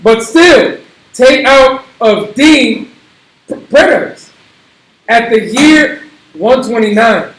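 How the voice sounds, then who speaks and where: A man with a very high voice reads a text aloud in a slow, careful way and trips over some of the harder words. His voice carries the echo of the room. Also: lively intonation, a bit bright. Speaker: scripture reader.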